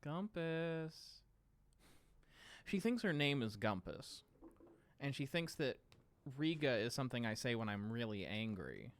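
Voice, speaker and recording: A man hosting a casual livestream from home, talking in a relaxed, rambling way with lots of filler sounds. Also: mid-range voice, moderate pace. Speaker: podcast host streaming live.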